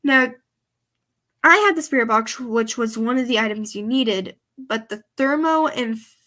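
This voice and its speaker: A woman's voice: fairly high pitch, unhurried, pushed and bright. A woman with a Southern country accent, chatting casually as she reacts to her old videos and explains things as she goes. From American South, countryside.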